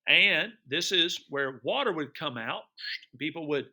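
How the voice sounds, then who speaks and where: Middle aged guy teacher showing vacation slides, super bright voice, chatty, quizzes the class. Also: a little high, lively intonation, unhurried. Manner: chatty, enthusiastic, repeats words and quizzes listeners. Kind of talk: narrating a travel photo slideshow for students.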